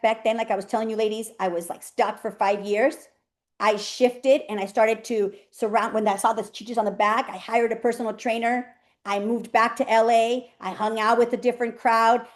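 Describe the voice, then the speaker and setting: A woman's voice: high-pitched, a little mellow. A woman coach speaking on a live video call, chatty and emphatic, laughing often as she motivates her group.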